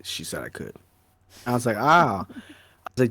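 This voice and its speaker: A man co-hosting a podcast, telling a story in casual chat, slangy and animated, with "bro" and "dog" peppering his talk. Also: medium pitch, a little fast, long pauses, no room sound. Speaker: podcast co-host.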